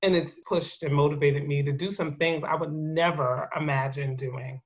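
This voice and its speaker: A woman in her thirties from New Jersey, a guest in an interview, telling her story in a lively way with laughs and acted-out quotes. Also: low-pitched, normal speed. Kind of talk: conversational interview. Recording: muffled lo-fi audio.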